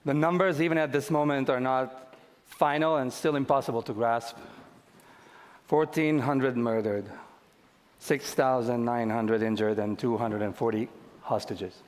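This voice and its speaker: A man speaking as a diplomat at a conference, giving a solemn, measured formal speech. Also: medium pitch, steady tone. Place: large conference hall. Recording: echoey conference hall.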